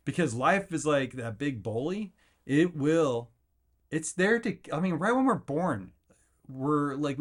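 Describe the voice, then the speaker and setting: Rambling, fired-up male podcast host. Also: medium pitch. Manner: energetic, rambling, acts out quotes in jumpy voices; filler-heavy, with frequent restarts. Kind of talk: motivational rant.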